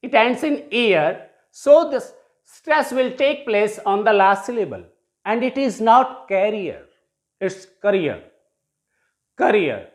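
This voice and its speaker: A man with an Indian English accent teaching a recorded lesson, repeating words slowly and emphatically and switching between English and Hindi. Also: extremely high pitch. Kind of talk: recorded classroom-style lesson.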